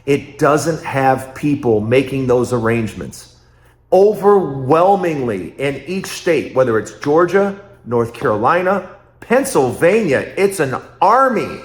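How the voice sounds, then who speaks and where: A man hosting his own political commentary show, talking emphatically and repeating phrases in quick rhetorical bursts. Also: mid-range voice, very animated, echoey room.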